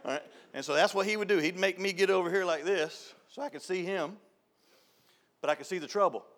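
Folksy youth director in the pulpit, middle-aged, slightly high-pitched, storyteller who laughs and shouts for effect. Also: male voice, brisk. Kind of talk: folksy sermon. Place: church sanctuary.

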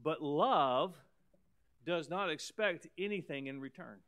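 A man preaching a sermon as pastor, emphatic, repeating words and swinging between loud and soft. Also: a little high, slow, clean tone.

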